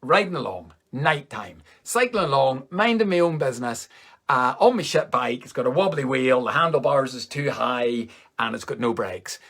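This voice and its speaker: A man from Northern Ireland with a Northern Irish accent, doing animated stand-up storytelling for a virtual show, swearing freely and jumping up in pitch for punchlines. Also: normal speed. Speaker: stand-up comedian.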